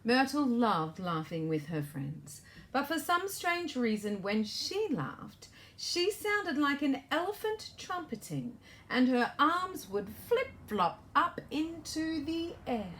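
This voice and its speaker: A woman reads her children's picture book aloud, playful and full of questions for the little listeners. Her high voice bounces up and down at an unhurried pace, with a faint hiss behind it. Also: very animated, a bit bright. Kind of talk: storybook read-aloud for children.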